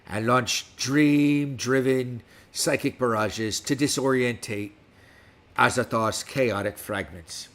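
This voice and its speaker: Gravelly and a little bright, this middle-aged man's mid-range voice carries a casual livestream. He's hamming up a fake West Country pirate accent and reading out stats as he goes.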